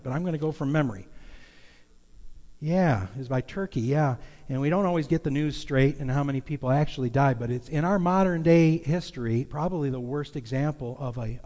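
A man's voice: medium pitch, a little mellow, long reverb tail. A man preaching a sermon, telling a story in a loose, conversational way. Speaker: pastor.

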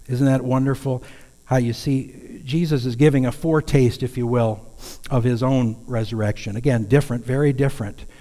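A man's voice: mid-range voice, warm tone. Man preaching in a reverberant hall. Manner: earnest, conversational preaching with sudden raised calls. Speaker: pastor. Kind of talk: sermon. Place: church sanctuary.

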